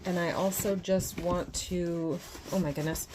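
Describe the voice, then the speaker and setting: A young woman from northern Canada, talking earnestly and carefully through a doll unboxing, with soft whispered asides. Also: on the low side, steady tone, moderate pace, a little hiss or hum. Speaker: doll collector and vlogger.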